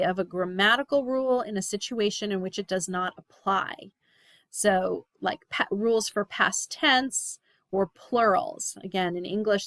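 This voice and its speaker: A woman's voice: mid-range voice, a bit bright, no room sound. A woman giving a recorded class lecture, explaining terms with frequent "um" and "right?" check-ins.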